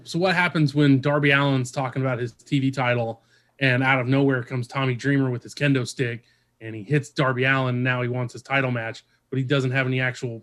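Rambling, filler-heavy podcast host, a man. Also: medium pitch. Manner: rambling, many fillers, lively when excited. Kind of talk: casual chat.

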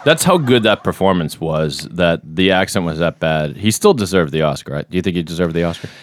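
A man's voice: low voice, fairly quick, slight background noise. A man with a Boston accent hosting a podcast in casual, jokey banter that is sprinkled with swearing. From Boston area. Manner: animated, jokey, swears freely. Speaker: podcast host.

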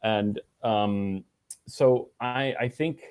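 A man answering interview questions in a relaxed, halting way, with many restarts and fillers. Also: lowish voice, smooth, dry recording. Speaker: guest. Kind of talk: casual interview conversation.

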